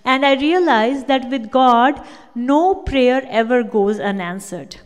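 Woman, Kashmiri speaker, high voice, animated devotional storytelling, long hall echo. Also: takes it slowly. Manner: animated storytelling, acting out quotes. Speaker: speaker giving a talk with slides. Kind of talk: devotional personal testimony.

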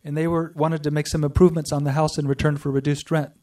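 A man giving an earnest personal testimony to a group, telling his story with pauses and restarts. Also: fairly high pitch, little pitch movement, dark tone, far from the mic. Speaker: speaker sharing a personal spiritual story.

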